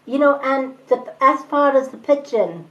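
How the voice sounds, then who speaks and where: A woman's voice: high-pitched, animated, a little slow, dull audio, slight background noise. Chatty woman reading for live viewers. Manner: gentle, chatty, addresses viewers as honey. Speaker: tarot reader on a live stream. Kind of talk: casual spiritual talk to live viewers.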